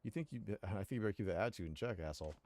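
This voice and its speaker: A man doing a low, menacing street thug. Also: lively intonation, rapid-fire, darkish tone. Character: menacing male street thug demanding protection money.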